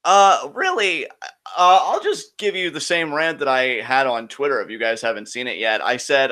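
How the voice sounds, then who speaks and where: A man's voice: mid-range voice, expressive, normal speed, sharp tone. A man co-hosting a live-streamed Q&A show, chatting casually and launching into heated, profane rants. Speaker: co-host of a Q&A show.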